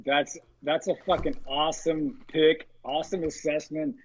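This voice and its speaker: A man's voice: a little high, level tone, moderate pace, highs cut off. A man co-hosting a podcast, reacting with enthusiastic, profane praise and repeating himself. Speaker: podcast co-host. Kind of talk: casual movie review chat.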